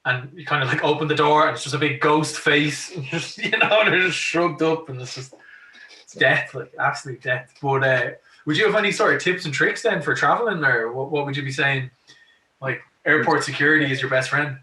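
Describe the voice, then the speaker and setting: A man's voice: fairly high pitch, normal speed, bright, forceful tone. An Irish man hosting a podcast, telling stories in a chatty way and laughing often as he acts out quotes. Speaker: podcast host. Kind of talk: casual chat, telling stories. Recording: echoey room, mic at a distance.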